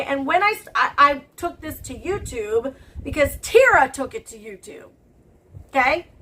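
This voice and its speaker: A woman's voice: high-pitched, bright, forceful tone, a little hiss or hum, low-quality recording. A woman doing casual commentary on a vlog, blunt and heated, swearing often and checking in with "okay?". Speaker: commentary YouTuber.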